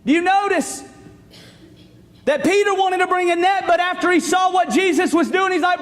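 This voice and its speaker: High-voiced pastor telling a story. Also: male voice, moderate pace. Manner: folksy, animated storytelling with acted quotes. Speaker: student pastor. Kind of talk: sermon. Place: church sanctuary. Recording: long reverb of a church sanctuary.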